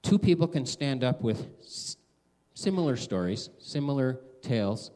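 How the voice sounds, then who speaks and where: A man preaching a conversational sermon, animated, acting out quoted voices with big swings. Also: medium pitch, unhurried. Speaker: pastor.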